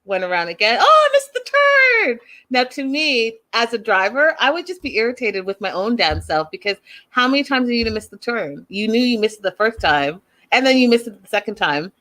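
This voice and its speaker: A woman's voice: on the high side, lively intonation, fairly quick, a bit bright. A woman hosting a casual show recap, chatty and opinionated, who acts out the people she quotes in a raised voice. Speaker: host recapping a reality show.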